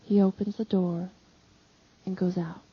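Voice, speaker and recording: A woman reading a devotional text aloud in measured, solemn narration. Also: fairly low pitch, flat delivery, slightly rough. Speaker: audiobook reader. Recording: slightly dull lo-fi audio.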